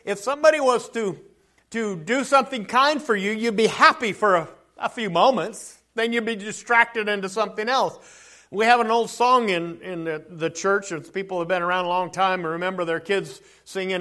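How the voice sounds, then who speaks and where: A man's voice: sits high, animated, a little slow, fairly bright tone. A middle-aged male pastor giving a conversational sermon in church, with chuckles and asides.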